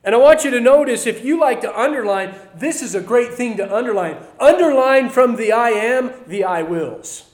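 A man preaching a sermon to his church, repeating key phrases and swinging between loud declarations and quiet asides. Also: very high voice, expressive, normal speed, hardly any pauses. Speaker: pastor.

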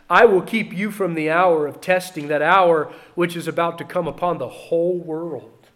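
A male preacher with a notably high-pitched voice delivers a sermon to his congregation. He repeats key phrases for emphasis. He swings between ringing declarations and hushed, thoughtful asides. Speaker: pastor.

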